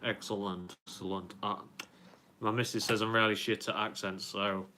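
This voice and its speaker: A man's voice: fairly low pitch, flat delivery, normal speed, pushed and bright, slight background noise. A young man hosting a casual live stream, reading out viewer comments in a rambling way with many ums and restarts.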